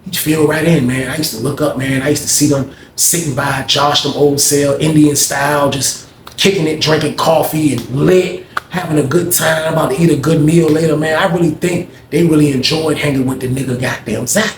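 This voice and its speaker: A man casually telling a story in a slangy, animated way, recorded in an echoey room. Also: on the high side, normal speed, noisy background.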